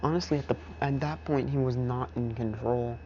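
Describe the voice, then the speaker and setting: A man casually narrating an improvised fan story, rambling and filling every pause with "you know". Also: medium pitch, fairly even intonation, warm tone, lo-fi sound, slight background noise.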